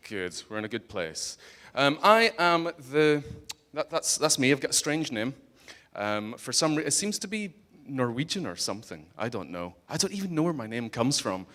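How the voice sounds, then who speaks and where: A man's voice: mid-range voice, lively intonation, brisk, fairly bright tone. A man with a Scottish accent giving a humorous conference talk, joking and teasing the audience bluntly. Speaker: conference speaker. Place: conference hall stage.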